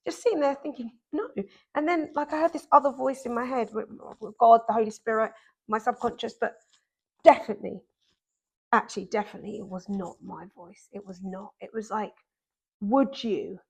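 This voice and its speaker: A woman, a podcast guest telling a personal story in an animated, emphatic way. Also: fairly high pitch, brisk, creaky, husky. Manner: animated, emphatic, acts out quoted voices. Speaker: podcast guest, dancer and author.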